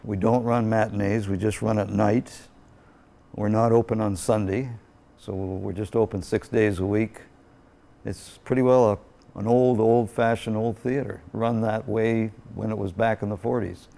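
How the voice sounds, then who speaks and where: Man, middle-aged, low gravelly voice, folksy, plain-spoken, interview. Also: fairly even intonation, unhurried, warm tone. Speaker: small-town movie theater owner. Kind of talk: casual interview.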